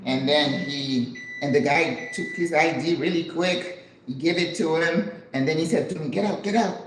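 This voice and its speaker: An older woman hosting a live stream, telling a story in an animated way and acting out the voices of people in it. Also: moderate pace. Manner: animated, acts out voices with big pitch jumps. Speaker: channel host. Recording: echoey room with background noise.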